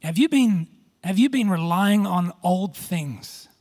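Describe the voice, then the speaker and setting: A man preaching, his voice sitting very high and sounding husky. He tells a story with self-mocking humour, stumbles over his words and restarts often, and the congregation laughs along. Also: animated, slow, darkish tone. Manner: storytelling with self-deprecating humor, frequent restarts. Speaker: pastor. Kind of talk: sermon.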